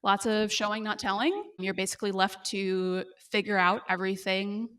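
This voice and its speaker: A woman co-hosting a podcast, recapping a TV episode in casual chat, with fillers and quick laughs. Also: mid-range voice, steady tone, fairly bright tone, smooth.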